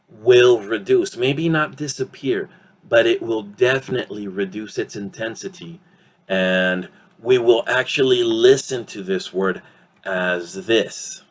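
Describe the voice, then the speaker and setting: A man teaching English pronunciation in a slow, careful lesson. His voice sits fairly low, and he ends most points with a checking "okay?". He fills gaps with frequent "um"s while modeling words for learners.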